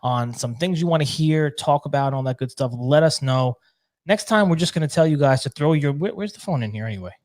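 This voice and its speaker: A man's voice: fairly high pitch, expressive, brisk, darkish tone. A man co-hosting a live show in casual chat, joking and rambling. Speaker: co-host.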